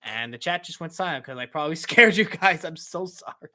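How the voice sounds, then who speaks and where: A man's voice: a little high, expressive, fairly quick, bright, forceful tone. A young man hosting a casual live-stream Q&A, answering chat questions in an upbeat, rambling way with many fillers and self-corrections.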